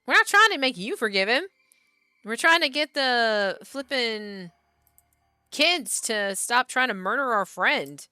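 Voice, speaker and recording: A woman's voice: fairly high pitch, animated, a little slow, sharp tone, clean tone, no room sound, clean studio sound, faint music behind. A woman streamer playing a horror game, chatting, reading the on-screen text aloud, and talking back to the characters.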